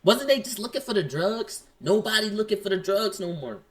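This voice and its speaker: Animated man retelling a run-in. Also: high voice. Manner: retells a dispute, acting out both sides in quick quotes. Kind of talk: animated casual storytelling.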